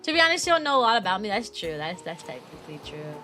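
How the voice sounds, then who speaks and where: Woman, young adult, VTuber streamer, casual chat, lots of "like", laughs a lot, bright tone, faint music behind. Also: medium pitch, very animated, fast. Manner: chatty, heavy use of "like", laughs often.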